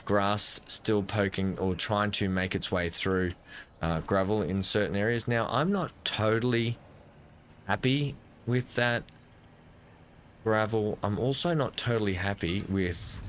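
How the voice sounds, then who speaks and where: A man's voice: fairly low pitch, a little slow, slight background noise. A man giving casual let's-play commentary at a desk microphone, thinking aloud and correcting himself as he builds. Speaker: gameplay commentator.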